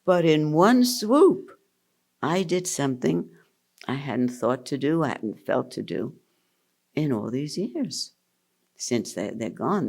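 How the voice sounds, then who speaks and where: An older woman speaks slowly, with a gravelly edge in her voice. Her pitch rises and falls in a lively way as she answers questions at a retreat. She sounds amused and laughs often. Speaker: spiritual teacher.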